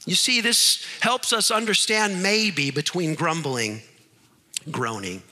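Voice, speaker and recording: A man preaching a sermon, animated and acting out the voices in his stories. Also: high-pitched, takes it slowly, long reverb tail. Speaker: pastor.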